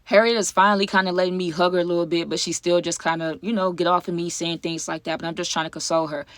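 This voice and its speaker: A woman's voice: on the low side, little pitch movement, fast talker. A young woman telling a dramatic personal story to her viewers in a chatty, casual way. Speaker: YouTube storyteller. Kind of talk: casual story time to camera.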